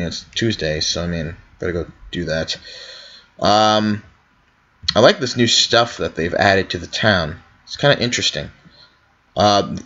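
A young man talking to himself while he plays a game, puzzled and now and then calling out loudly. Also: lowish voice, muffled recording. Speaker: gaming video host. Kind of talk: in-character role-play commentary.

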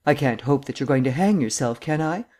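An impatient, gruff district attorney, as voiced by a male narrator in an audiobook. His remarks come out curt and churlish, at a mid-range pitch. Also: lively intonation, brisk, darkish tone, natural voice. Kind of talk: audiobook character reading.

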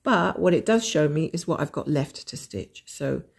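Gravelly Scottish woman musing aloud. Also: deep voice, lively intonation, normal speed. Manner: thinking aloud, musing and weighing options. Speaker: host of a cross-stitch channel. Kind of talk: casual stitch-along chat.

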